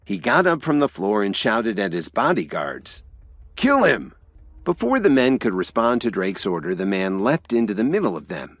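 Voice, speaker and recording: A man narrating a scripted audio drama with expressive storytelling. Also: on the low side, normal speed, hardly any pauses, no echo.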